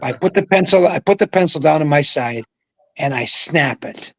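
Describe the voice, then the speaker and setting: Older male guest, a touch high-pitched, lively and profane raconteur. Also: normal speed, rough recording. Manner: animated, profane anecdote-telling. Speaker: guest, former pro bowler. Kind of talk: casual storytelling.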